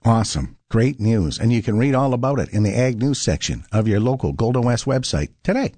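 A man's voice: mid-range voice, a little fast, dry recording. A man hosting a morning radio show, reading farm news and chatting in an upbeat way. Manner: upbeat, lively delivery. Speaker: radio host.

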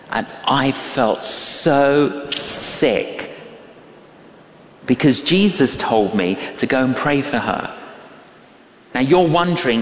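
A man preaching a sermon, telling personal stories and acting out the voices of the people in them. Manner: animated storytelling, acts out voices, big pitch swings. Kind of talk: sermon with anecdotes. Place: church or large hall. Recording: echoey hall, a little distant.

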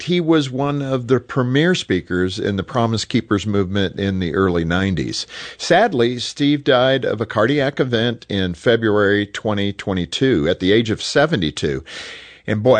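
A man's voice: fairly low pitch, expressive, moderate pace, no room sound. A man hosting a radio show, introducing a recorded talk in a reflective way. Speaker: radio host.

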